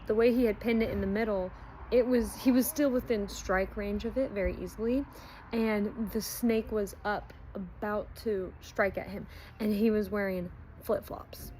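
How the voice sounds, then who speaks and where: Woman book reviewer, relaxed chatty storyteller, mid-pitched, loose with fillers. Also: moderate pace, a little hiss or hum, poor audio. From not Australian. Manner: chatty retelling with frequent ums and likes. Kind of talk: casual book review chat.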